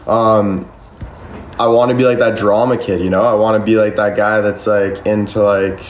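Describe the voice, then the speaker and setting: A man's voice: fairly low pitch, level tone, moderate pace, a little hiss or hum. A young man casually chatting on a livestream and answering comments, rambling with constant "like" fillers and frequent swearing. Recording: echoey room with faint ambience.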